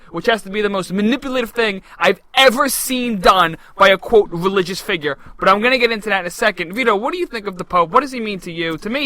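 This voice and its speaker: A man's voice: high voice, bright, forceful tone, no echo, poor audio. A young adult man co-hosting a political podcast, brash and joking in casual banter. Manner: brash, joking, quick talker. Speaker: podcast co-host.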